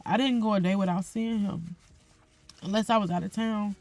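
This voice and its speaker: A young woman hosting a podcast, speaking tearfully and haltingly in an emotional personal reflection. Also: medium pitch, gravelly. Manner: tearful, soft-spoken, halting with fillers. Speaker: podcast host.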